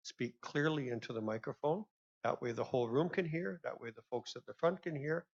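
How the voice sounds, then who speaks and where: A man's voice: medium pitch, fairly quick. A man moderating a convention session, chatty and courteous as he welcomes people and repeats his announcements. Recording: dull lo-fi sound.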